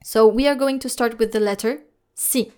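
A woman teaching French pronunciation in a lesson, speaking slowly and carefully, spelling out letters and repeating each sound. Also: on the high side, fairly even intonation, darkish tone, clear, resonant tone. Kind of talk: scripted lesson narration.

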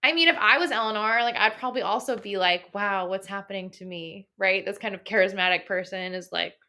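A woman with a bright, forceful voice co-hosts a casual book podcast. She talks in an animated way, laughs easily and swears now and then. Her pitch sits in the middle range. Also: fast. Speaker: podcast co-host.

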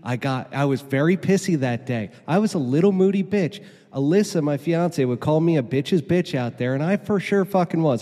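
A man's voice: on the high side, dark tone. A man hosting a podcast, ranting with heavy swearing in casual chat. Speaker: podcast host. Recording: long reverb.

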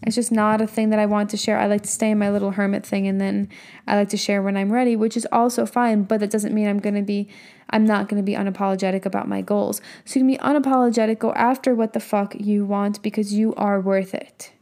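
A woman's voice: medium pitch, steady tone, fast talker, mellow. A young adult woman, a business and mindset coach, giving a casual motivational talk full of emphatic rhetorical questions and the odd swear word.

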